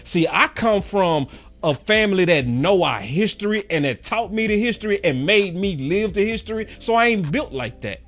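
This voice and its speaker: A man's voice: high-pitched, lively intonation, moderate pace, a bit bright, soft background music. A man in his forties, a sports fan commentator, giving a passionate and repetitive rant to camera with preachy emphasis.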